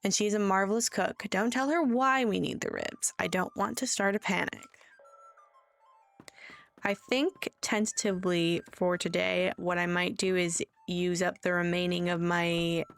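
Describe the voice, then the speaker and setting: A tired woman streaming a game, chatting in a relaxed, rambling way with self-deprecating asides. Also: lowish voice, a little slow, creaky, faint music behind. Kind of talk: casual game streaming commentary.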